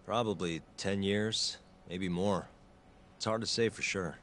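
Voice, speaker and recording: A man voicing an earnest lawyer-turned-detective in a video game, speaking in a calm, measured way. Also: deep voice, a little hiss or hum. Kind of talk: game voice acting.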